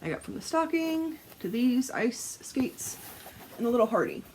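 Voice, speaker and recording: On the high side and at normal speed, this woman's voice comes with a slight hiss or hum. She's a crafting vlogger chatting to camera, swearing and laughing as she tells lively stories and acts out quotes.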